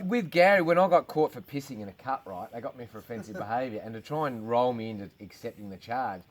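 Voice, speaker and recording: A man's voice: medium pitch, animated, unhurried, pauses often, background noise. A man with an Australian accent, a comedian telling crude stories in casual chat on a farm, swearing constantly. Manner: crude, swearing yarn-spinner. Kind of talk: casual storytelling. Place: outdoors on a farm.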